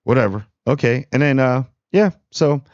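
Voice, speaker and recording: A man's voice: mid-range voice, animated, normal speed, a little mellow, no echo, dull audio. A man hosting a casual TV spoiler review, rambling and sarcastic. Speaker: TV review channel host.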